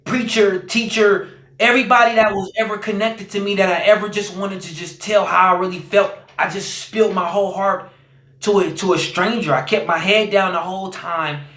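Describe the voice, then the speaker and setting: A man's voice: high voice, fairly even intonation, moderate pace, pushed and bright. Earnest man telling a story, echoey room. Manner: earnest, repeats phrases, many fillers. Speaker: guest. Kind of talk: personal storytelling.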